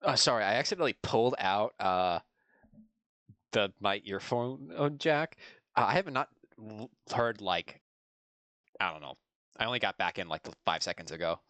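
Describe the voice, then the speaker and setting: A man's voice: on the low side, animated, normal speed, bright, forceful tone, dry recording. A man chatting casually as a tabletop game player, rambling with lots of fillers. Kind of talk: casual in-character chat over voice call.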